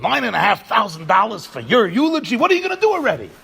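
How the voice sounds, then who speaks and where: A man's voice: high-pitched, very animated, fairly quick, creaky, a bit bright, breathy edge, heavily acted. A man voicing a stingy wealthy old man who haggles incredulously over a price in a told joke.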